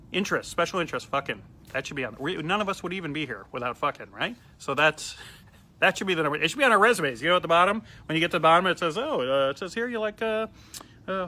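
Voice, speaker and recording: A comedian telling a funny story in a casual, animated way, acting out the quoted lines. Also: male voice, high-pitched, a little hiss or hum.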